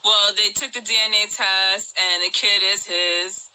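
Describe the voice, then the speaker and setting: A woman with a very bright, mid-pitched voice talks casually as a podcast co-host. She retells scenes in an animated way and acts out what people said. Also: a little slow, slight background noise, rough recording. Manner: animated storyteller, quoting people in raised voices. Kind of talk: casual chat.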